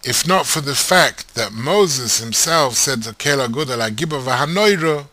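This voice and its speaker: A man teaching Torah in a lively way, asking his listeners rhetorical questions. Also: medium pitch, normal speed, no room sound. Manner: animated, asks rhetorical questions.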